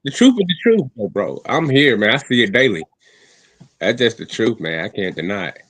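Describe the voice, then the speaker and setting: A man's voice: lowish voice, sing-song, normal speed, fairly bright tone, rough recording. A man chatting casually on a panel podcast, with laid-back, profane, agreeable banter. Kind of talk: casual chat.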